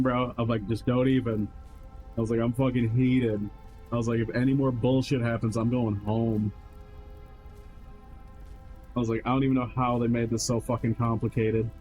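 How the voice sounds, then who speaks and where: His mid-range voice, a little mellow, comes through poor audio as this streamer rambles on in casual chat. The long story is heavy with swearing and fillers, and he acts out others' lines in quoted voices.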